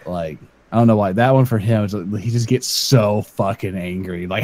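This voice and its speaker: Rambling, deep-voiced young man. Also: normal speed, a little mellow. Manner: rambling anecdotes, swears, laughs at himself. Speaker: livestream co-host. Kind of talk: casual livestream chat.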